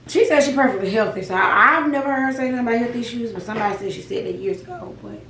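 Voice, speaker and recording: A woman's voice: a little high, fast, a bit bright, echoey room, far from the mic, a little hiss or hum, poor audio. A young woman vlogging to camera while eating, chatting to viewers in a folksy, laughing way with asides like "child" and "baby". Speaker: mukbang vlogger.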